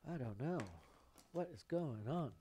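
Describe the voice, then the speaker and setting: A man's voice: fairly high pitch, expressive, measured pace, warm tone, slightly rough. A man hosting a live painting stream, thinking aloud in rambling, self-mocking asides as he works. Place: painting studio.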